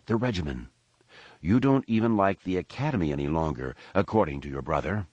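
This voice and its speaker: A serene master and mentor , as a male narrator voices him, deep and unhurried, speaking with quiet sincerity. His warnings come gently rather than harshly. The recording is dry and close. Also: expressive, slightly rough, dry recording, highs cut off. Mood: grave. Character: calm, wise middle-aged male master and uncle.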